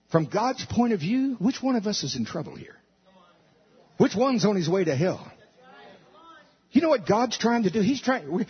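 Male pastor preaching, animated, loud then soft, fairly high husky voice. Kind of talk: sermon. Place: church service. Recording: dull lo-fi recording.

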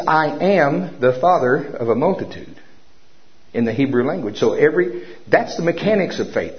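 Lively preacher guy telling stories in a sermon, bit higher voice, muffled lo-fi sound. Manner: storytelling, animated, commanding declarations. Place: church service with congregation. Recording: dull lo-fi recording.

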